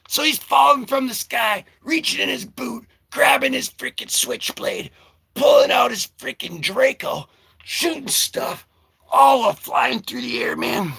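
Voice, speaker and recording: A man hosting a casual comic-book vlog, rambling and joking with sudden shouted bursts. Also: extremely high pitch, vocal fry, husky.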